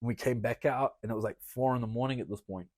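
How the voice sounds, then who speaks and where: A wrestler guest on a podcast, telling a story casually, swearing often and laughing between lines. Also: male voice, medium pitch, fast, a little mellow, no room sound. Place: podcast studio.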